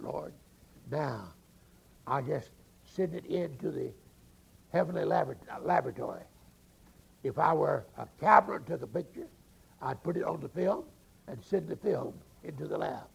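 A man preaching, telling a story slowly with drawn-out, emphatic phrasing and a gravelly voice. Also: fairly high pitch, darkish tone, poor audio. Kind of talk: storytelling sermon.

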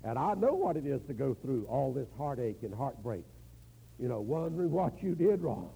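Gravelly, lively older male preacher. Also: medium pitch, muffled recording. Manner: folksy, storytelling with drawn-out slow emphasis. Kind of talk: sermon.

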